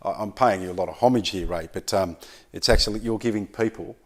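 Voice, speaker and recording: A man's voice: deep voice, fast talker. A man interviewing a guest, asking long, conversational and admiring questions.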